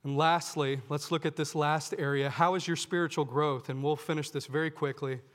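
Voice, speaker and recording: A man's voice: fairly high pitch, fairly even intonation, brisk, fairly bright tone, big-room sound. A man preaching a sermon to his congregation, earnest, often asking them questions and calling them "folks". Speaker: pastor.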